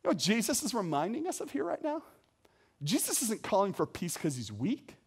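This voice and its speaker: A man's voice: high-pitched, huge pitch swings, brisk, breathy edge. A young adult man preaching a sermon as a pastor, earnest and emphatic, with many rhetorical questions.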